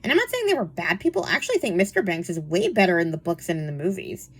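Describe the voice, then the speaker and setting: A slightly husky young woman talks about books in a loose, rambling way. Her pitch rises and falls a lot. She fills her sentences with fillers and laughs often. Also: very animated, fast. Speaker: book reviewer. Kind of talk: casual chat.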